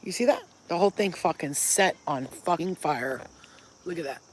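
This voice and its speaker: A woman's voice: lowish voice, animated, normal speed, a little hiss or hum. A woman vlogger telling stories to camera in a blunt, profane way, breaking off to talk baby talk to her pets. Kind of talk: casual storytelling to camera.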